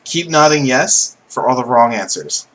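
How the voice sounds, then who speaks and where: A man's voice: mid-range voice, expressive, normal speed, fairly bright tone, a little hiss or hum, low-quality recording. A man playing a tabletop game, joking and teasing, laughing often. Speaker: player. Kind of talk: casual tabletop role-play.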